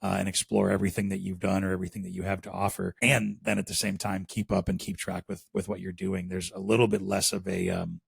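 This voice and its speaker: A man's voice: low voice, quick pace, creaky, few pauses, husky, no room sound. A man from the Chicago area with a Chicago accent, chatting casually as a podcast guest and rambling with plenty of fillers. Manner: relaxed, rambling with many fillers. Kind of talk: casual interview chat.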